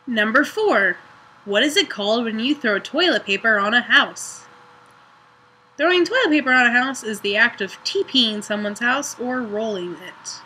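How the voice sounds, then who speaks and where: Young woman, northern US accent, slightly high and bright, casual offhand vlogger delivery, faint hiss. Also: lively intonation, moderate pace, low-quality recording. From Ohio, northern United States. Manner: offhand, chatty, lots of "like" and "um". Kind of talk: casual chat.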